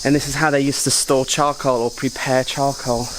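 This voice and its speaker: A man of ordinary pitch talking into a handheld camera on a travel vlog, chatty and excitable with joking asides. He is outdoors, and insects, crickets and passing traffic are clearly heard behind him. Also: normal speed. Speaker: travel vlogger. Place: outdoors on mountain roads and in a jungle park.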